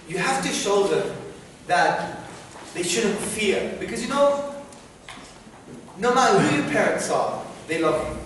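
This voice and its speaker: A man answering student questions in a university lecture hall, animated and often checking in with "yeah?". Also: high voice, unhurried, pauses often. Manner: animated, repeats "yeah?" to the audience. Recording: very echoey hall, noisy, from far off.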